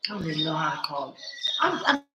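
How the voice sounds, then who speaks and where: Woman vlogging, blunt and animated, cusses a lot, kinda echoey room w faint hum. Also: sits low, a little fast. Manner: animated, swears freely, talks straight to viewers. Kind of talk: casual monologue.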